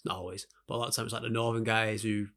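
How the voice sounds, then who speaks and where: A man's voice: fairly low pitch, level tone, very fast, fairly bright tone. A man with a Northern English accent chatting casually as a podcast co-host. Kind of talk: casual chat.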